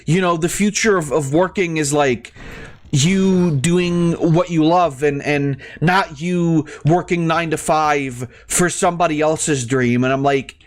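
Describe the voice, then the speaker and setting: A man's voice: fairly high pitch, measured pace. A man ranting heatedly in casual talk while playing a game, swearing often and stumbling over his words. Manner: exasperated, heated, heavy swearing; stammering restarts. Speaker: gaming streamer.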